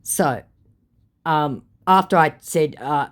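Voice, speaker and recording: Sarcastic woman with a low, lively voice. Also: slow pace. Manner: sarcastic and mocking. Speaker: vlogger exposing scammers. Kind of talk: casual commentary reading out a chat.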